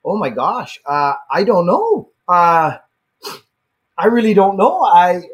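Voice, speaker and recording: A man's voice: sits high, very animated, takes it slowly, husky. A Canadian man, a guest on the show, talking earnestly in casual conversation and often repeating words as he starts a sentence. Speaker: guest, YouTuber.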